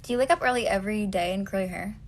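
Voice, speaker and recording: A woman playing a chatty former high-school volleyball girl who speaks in a breezy, gossipy valley-girl way, full of "like". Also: racing, slight background noise, lightly acted. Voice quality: valley-girl drawl, lots of "like". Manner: breezy, gossipy, falsely friendly. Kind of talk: comedy impression sketch.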